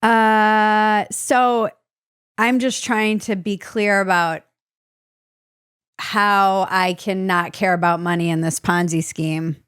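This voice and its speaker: Slow-talking woman podcast host. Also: medium pitch, fairly even intonation, a bit bright, clear, resonant tone, no echo, studio quality. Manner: hesitant, curious questions. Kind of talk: casual interview conversation.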